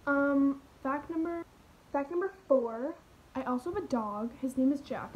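A woman's voice: sits high, quick pace, darkish tone, a little hiss or hum, rough recording. A teenage girl rambling through a parody vlog in her bedroom, full of fillers and drifting into whispers. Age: teens. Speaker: vlogger.

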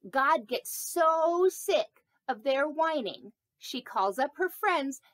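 A woman's voice: high voice, expressive, takes it slowly, fairly bright tone, dry recording, exaggerated voice. A woman doing a vain chatty snake puppet. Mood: playful. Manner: playful, vain, rambling asides. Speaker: pastor. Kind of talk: children's sermon puppet play.

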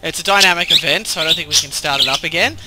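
A man casually chatting about the game while he plays, amused and animated. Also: fairly high pitch, very fast, very noisy. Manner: amused and animated, laughing often. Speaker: gameplay commentator. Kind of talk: casual gameplay chat.

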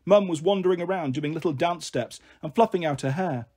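A man narrating a children's novel in a gentle first-person storytelling manner. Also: fairly high pitch, brisk, slightly rough. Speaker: story reader.

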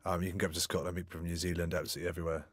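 Very low-voiced man, rapid speech, from the UK, film commentary, quick interjections. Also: level tone, a bit bright, no room sound. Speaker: filmmaker.

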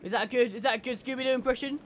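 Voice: high-pitched, rapid-fire, background noise. A gamer giving casual, jokey commentary while playing, laughing and swearing often. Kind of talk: casual let's-play commentary.

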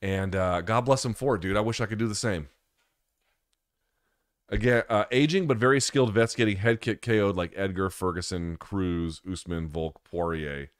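Male stream host, low voice, dry close sound, candid and profane, off-the-cuff. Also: moderate pace, no room sound. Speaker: host answering viewer questions. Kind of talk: casual live-stream chat.

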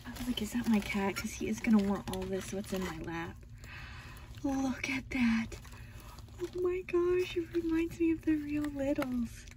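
A woman vlogger unboxing birthday mail at home, gushing and excitable with constant exclamations. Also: high voice, normal speed, noisy background. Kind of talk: casual unboxing vlog.

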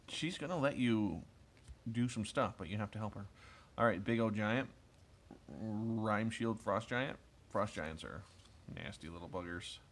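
A man in his thirties chats his way through a pack of cards, enthusiastic and full of asides and fillers. His voice sits a little low. There is a faint ambient hum behind him. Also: fairly bright tone. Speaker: card collector opening packs. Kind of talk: casual rambling commentary while opening cards.

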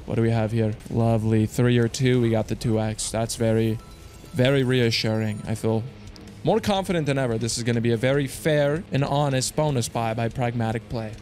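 A man hosting his own channel, commenting excitedly to viewers with slang, swearing and loud outbursts. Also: mid-range voice, brisk, soft background music. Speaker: slots streamer host.

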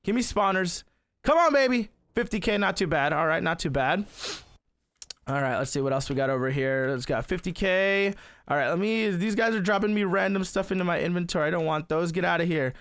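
A young man giving excitable let's-play commentary on a game, often exclaiming and laughing. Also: high-pitched, fairly quick, no room sound, clean studio sound. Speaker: gaming YouTuber.

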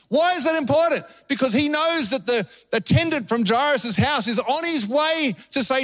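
High-voiced Australian pastor preaching. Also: male voice, moderate pace, few pauses, no echo. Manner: animated storytelling, acting out voices. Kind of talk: sermon.

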